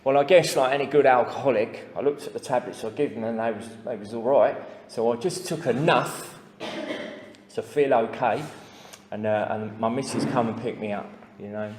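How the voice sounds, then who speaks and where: A man's voice: medium pitch, moderate pace, a little mellow, slight background noise. A man with an English accent sharing his recovery story at a meeting, plain-spoken and full of asides and fillers. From England. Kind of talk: personal testimony to a recovery meeting. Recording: echoey hall with long reverb.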